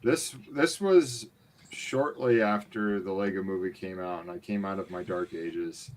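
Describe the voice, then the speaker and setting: A man hosting a podcast, talking in a relaxed, reminiscing way in casual chat. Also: low voice, unhurried.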